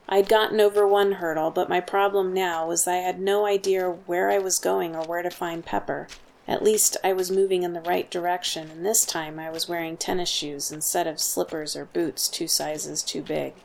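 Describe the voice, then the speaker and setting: A woman reading a first-person story as a steady audiobook narrator. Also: on the low side, gravelly, a little hiss or hum.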